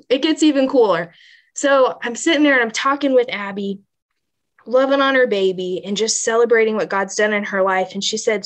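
Female podcast guest with a slightly high voice, earnest and animated, heartfelt storytelling. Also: a little fast. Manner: animated, earnest, lots of "like" and "you know". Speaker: pregnancy center manager, podcast guest. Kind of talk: emotional personal storytelling on a podcast.

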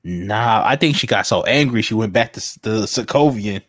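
A man's voice: on the low side, moderate pace, no echo, clean studio sound. A man co-hosting a casual podcast chat, laid-back and playful. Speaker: podcast co-host.

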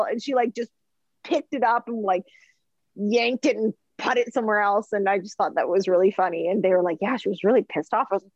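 A woman's voice: medium pitch, brisk, no room sound, dull audio. Chatty woman telling kitchen stories. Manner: chatty and animated, lots of "like" and "um", laughs while telling stories. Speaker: chef and food journalist, podcast guest. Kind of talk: casual storytelling chat.

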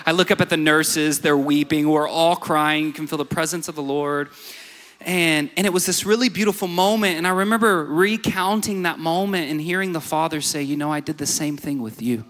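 A man's voice: fairly high pitch, normal speed, fairly bright tone. A young man preaching a sermon, telling a personal story and building to emphatic exhortation. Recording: reverberant hall.

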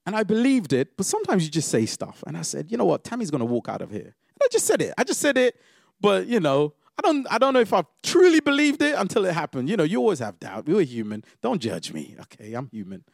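A man delivers a sermon with dynamic swings, bursting into loud, high exclamations and then sinking to quiet, intimate asides. His voice has a gravelly edge. The sound is dry and close, with little room echo. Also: huge pitch swings, fast. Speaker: preacher.

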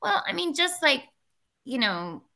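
Woman educator, bright, easygoing storyteller; interview guest. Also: sits high, sing-song, unhurried, gravelly. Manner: chatty storyteller, lots of fillers and laughs. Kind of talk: casual interview conversation.

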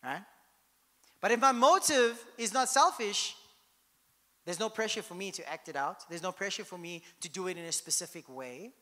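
A man's voice: high voice, animated, normal speed, pushed and bright, long reverb tail. A man preaching a sermon as pastor, in a conversational style that keeps checking in with the congregation.

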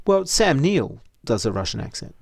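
A man's voice: mid-range voice, sing-song, normal speed, gravelly, breathy edge, no echo, studio quality. A man co-hosting a casual film podcast, talking hesitantly with stammering restarts and questions. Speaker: podcast co-host.

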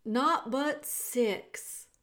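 A woman voicing a loud, clumsy twelve-year-old serving girl who is hard of hearing and talks in blunt, rustic speech. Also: high-pitched, drawn-out words, exaggerated voice. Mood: blunt, earnest.

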